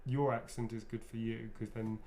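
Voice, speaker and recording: Here a voice actor loosely answers fan questions during an autograph signing, restarting sentences and correcting himself in a chatty ramble. His voice is mid-range and dark with little pitch movement, at normal speed, over slight background noise.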